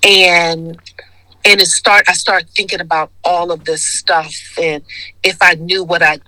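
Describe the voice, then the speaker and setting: A woman's voice: lowish voice, flat delivery, measured pace, pushed and bright, no echo, low-quality recording. A woman in her sixties from Detroit, telling her story as a guest in a casual interview and acting out the voices she quotes. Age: 60s. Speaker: guest, skincare founder.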